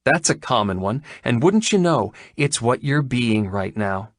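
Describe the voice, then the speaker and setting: A man voicing a prim, exasperated young woman doctor in an audiobook, with a crisp, scolding manner. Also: medium pitch, animated, a little slow, no room sound, studio quality, pitched above the performer's own voice, lightly acted. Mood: primly teasing. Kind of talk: audiobook character reading.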